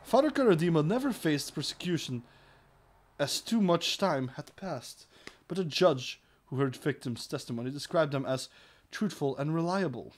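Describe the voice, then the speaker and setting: A man's voice: on the high side, lively intonation, moderate pace. A man co-hosting a crude comedy podcast, reading news articles aloud and breaking off into profane, sarcastic asides.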